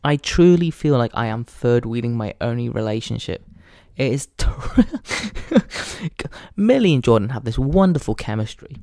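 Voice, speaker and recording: Laughing at his own gags, a young Englishman hosts a podcast with a crude, meandering comedic monologue. He speaks at a normal speed in a warm, mid-range voice with lively intonation, captured in a dry, studio-quality recording.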